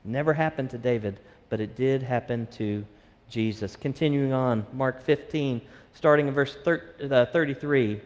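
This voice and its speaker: A man's voice: mid-range voice, normal speed, darkish tone. A man preaching a sermon as pastor, reading scripture and explaining it with fillers and restarts. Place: church sanctuary. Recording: long church hall reverb.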